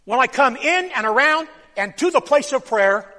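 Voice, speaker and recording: A man preaching a sermon, swinging from loud bursts to hushed drops and having the congregation repeat phrases after him. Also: very high-pitched, lively intonation, moderate pace. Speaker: pastor. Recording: long hall reverb.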